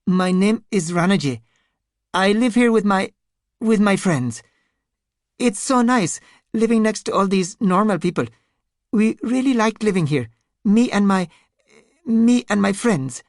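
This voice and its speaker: A woman's voice: mid-range voice, expressive, measured pace, pauses often, darkish tone, no room sound, clean studio sound, voice pushed up. A woman voicing a frightened, sobbing man who stammers as he talks. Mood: nervous. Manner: whimpering, stammering.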